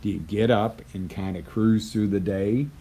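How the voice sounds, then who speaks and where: Deep, gravelly-voiced man coaching emphatically. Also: steady tone, moderate pace, slight background noise, poor audio. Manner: emphatic, conversational, swings from loud bursts to quiet asides. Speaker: life coach. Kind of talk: live motivational talk.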